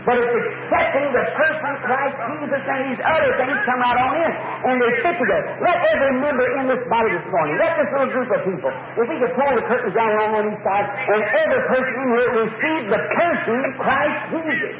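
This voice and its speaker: High-voiced preacher on tinny old tape. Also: male voice, animated, fast, hardly any pauses, echoey room, very noisy. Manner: folksy, emphatic preaching with repetitions and asides. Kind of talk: sermon. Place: church. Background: congregation responses.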